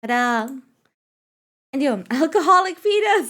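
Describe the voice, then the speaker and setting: A woman's voice: a little high, animated, unhurried. A woman game streamer in casual live-stream chat, rambling with frequent swearing and fillers.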